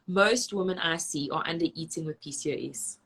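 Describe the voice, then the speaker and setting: A woman dietitian, giving brisk, practical advice in lists during a live online Q&A. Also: sits low, a bit bright, slightly rough. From South Africa. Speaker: registered dietitian.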